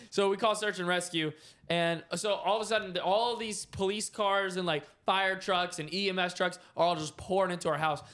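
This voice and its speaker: A young man with a high voice tells his part of a story on a podcast. He keeps it relaxed and chatty. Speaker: podcast co-host. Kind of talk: casual storytelling.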